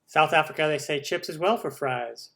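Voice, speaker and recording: A man's voice: on the high side, normal speed, vocal fry, fairly bright tone. A man from the United States hosting a cooking channel live stream, chatting upbeat through viewer questions with lots of ums.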